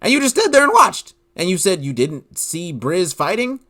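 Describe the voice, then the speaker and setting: A man hosting a solo commentary podcast, talking in an animated, incredulous way and filling his speech with "like". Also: sits high, normal speed. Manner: animated, incredulous, leans heavily on "like". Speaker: podcast host.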